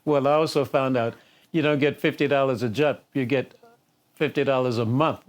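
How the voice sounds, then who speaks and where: In a steady, mid-range voice at a moderate pace, an older man shares anecdotes during an interview. He's a singer from the Detroit area, and frequent chuckles break up his stories.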